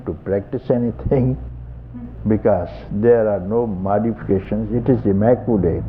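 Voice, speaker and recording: An older Indian man speaks slowly and deliberately in a satsang, circling back to the same phrases with soft chuckles. His voice sits low and unhurried, with a faint hiss under it. The whole thing comes through a thin, phone-like archival tape recording. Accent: Indian English. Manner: slow, repetitive, gently chuckling. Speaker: spiritual teacher. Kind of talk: satsang talk.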